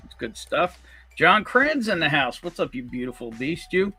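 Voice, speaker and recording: A man hosting a casual whiskey livestream, greeting viewers with jokey, upbeat shout-outs. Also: a little high, very animated, moderate pace. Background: faint background music.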